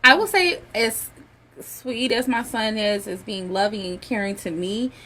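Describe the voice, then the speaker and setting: A woman's voice: mid-range voice, measured pace, bright, forceful tone, a little hiss or hum, rough recording. A woman co-hosting a casual talk show, outspoken and chatty, backing up her friend as they talk openly. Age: adult with a son. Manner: outspoken, chatty, agrees a lot. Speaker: podcast co-host. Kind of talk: frank casual girl talk.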